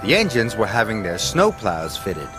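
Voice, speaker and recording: A man reading a children's railway story aloud as narrator. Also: on the low side. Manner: slow, expressive storytelling. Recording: music underneath.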